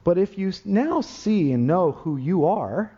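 A man's voice: high voice, animated, a little slow, warm tone, husky, dull audio. A man preaching a sermon as pastor, impassioned and building to emphatic peaks.

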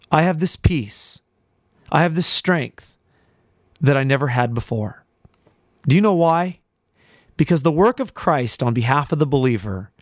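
A male pastor delivering a radio sermon in a slow, emphatic preaching manner, stretching out key phrases and speaking straight to the listener. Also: mid-range voice, no echo, clean studio sound.

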